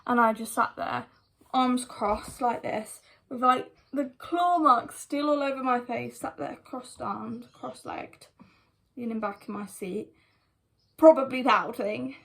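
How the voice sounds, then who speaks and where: A woman's voice: on the high side, measured pace, gravelly, fairly bright tone. A young woman telling a personal story to her viewers in a chatty vlog style, with many "like" fillers and direct asides to the audience. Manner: chatty retelling full of "like" fillers. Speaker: vlogger.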